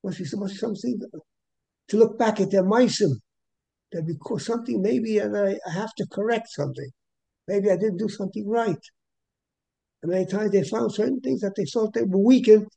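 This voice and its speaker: A man with a high, gravelly voice gives a Torah class. His tone is dark and a little husky, and he keeps repeating words and clearing his throat as he goes. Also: poor audio. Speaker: Torah teacher.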